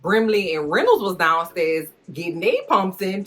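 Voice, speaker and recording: A woman vlogger giving a comedic, animated recap of a series, full of slang and jokes. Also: fairly low pitch, moderate pace, few pauses. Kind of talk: comedic watch-along recap.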